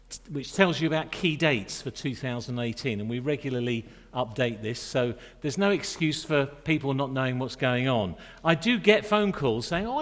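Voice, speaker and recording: A middle-aged man preaching in a church, chatty and joking with the congregation between points. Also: mid-range voice. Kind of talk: sermon. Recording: long reverb of a church hall.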